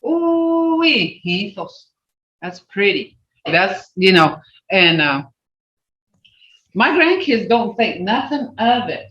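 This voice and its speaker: An older woman leads a language class on a video call, speaking at an unhurried pace. Her pitch rises and falls widely as she acts out expressions. The audio sounds muffled and roomy. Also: very animated, fairly bright tone. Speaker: language teacher.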